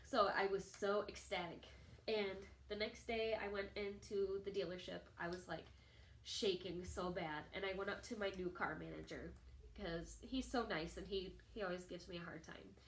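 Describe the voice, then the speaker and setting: A young woman talking straight to her camera, telling a personal story in a chatty, animated way and acting out other people's lines. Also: normal speed, slight background noise. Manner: chatty, animated, acts out quoted people in a higher voice. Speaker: vlogger. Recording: echoey room.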